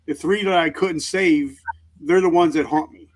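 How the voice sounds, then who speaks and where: A middle-aged man, a veteran guest on an interview show, speaking earnestly and openly in halting sentences. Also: on the high side, steady tone. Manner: earnest, halting, emotionally open. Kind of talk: candid interview talk.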